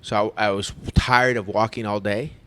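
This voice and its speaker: A man, a podcast host telling a long story in casual chat, animated and rambling with restarts. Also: fairly low pitch, moderate pace, clean tone. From United States.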